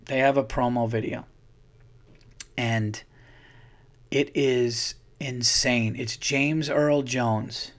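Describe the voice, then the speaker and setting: Profane, animated man telling stories. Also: medium pitch, very slow, pauses often. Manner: profane, animated storyteller acting out his own quotes. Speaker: podcast host. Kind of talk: casual storytelling monologue.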